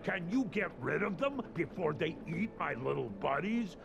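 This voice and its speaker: An actor playing a gruff caveman village elder in a video game, his speech deliberately rough and a little forced, with game music behind. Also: on the high side, animated. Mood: urgent. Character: gruff caveman villager chief, male adult. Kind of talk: video game character dialogue.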